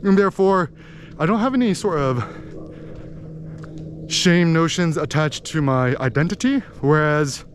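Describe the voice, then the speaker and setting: An American man talking in a rambling, animated way as he vlogs outdoors in a village, with lots of fillers. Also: fairly high pitch, a little slow, long pauses, a little hiss or hum. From United States. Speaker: vlogger. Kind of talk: casual walking vlog monologue.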